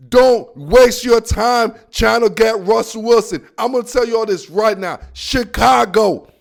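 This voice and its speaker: A man hosting a sports podcast, ranting in a loud, rowdy, mocking way full of slang. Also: high voice, vocal fry. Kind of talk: animated sports rant. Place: near a team facility in the Seattle area.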